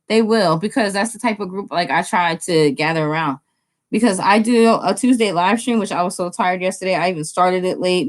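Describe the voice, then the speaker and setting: Woman host of a casual live stream: chatty, excitable, speaks right to her viewers, mid-range voice. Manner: chatty, talks straight to viewers in the chat; excitable, often jumps up in pitch.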